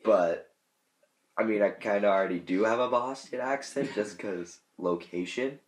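A man's voice: lowish voice, moderate pace. A man hosting a casual chat about silly choices, joking and rambling, often trailing off into mumbles. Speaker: gaming channel host. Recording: echoey room.

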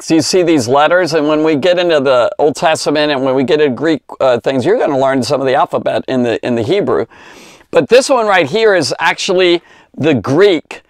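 A man gives an informal Bible lesson for children, talking in a loose, rambling way and stretching out the words he wants to stress. His voice sits a little high, and the recording is dry with almost no room sound. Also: no room sound. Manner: rambling, conversational, with many fillers and asides. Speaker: Bible teacher for kids.

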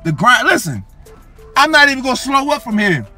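A young man calls his own football video game match in a high, bright voice. He brags and hypes himself up, circling back to the same catchphrases again and again. Soft music runs faintly in the background. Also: sing-song, brisk. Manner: hyped, boastful, repeats phrases ending in "coach" and "yo". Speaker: gaming YouTuber. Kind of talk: live gameplay commentary.

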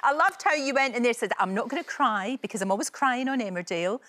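Woman morning tv host, high-ish voice that swoops around, gushy, laughs a lot. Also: lively intonation, fast talker, background noise. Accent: Scottish. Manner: gushing, laughing often. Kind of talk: live TV chat.

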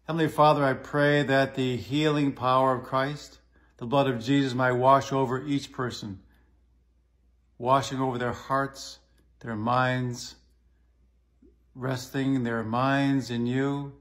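A man speaking as a priest, leading a spoken prayer in a calm, measured way. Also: medium pitch.

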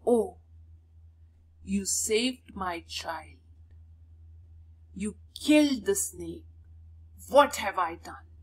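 A teacher voicing a distraught young farmer's wife and mother who cries out in shrill accusation. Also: expressive, very slow, pauses often, slightly rough, full character voice. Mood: grief-stricken.

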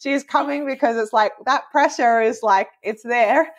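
A woman in her thirties with a fairly high voice tells her story as a podcast guest. She is lively and giggly and talks with plenty of "like" fillers in a relaxed, casual chat. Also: normal speed. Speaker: guest, osteopath and movement coach.

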